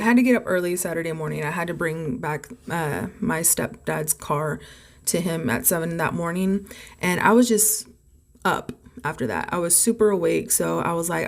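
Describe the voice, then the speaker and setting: A young woman telling a storytime vlog, rambling and swearing heavily, flaring up loud when angry. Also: on the low side. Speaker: vlogger.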